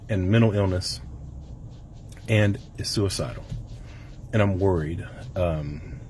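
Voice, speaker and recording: A man's voice: on the low side, a little mellow, a little hiss or hum. A middle-aged man talking to camera in a personal vlog, earnest and rambling, fighting back tears as he speaks. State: emotional, holding back tears. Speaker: vlogger. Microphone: camera mic.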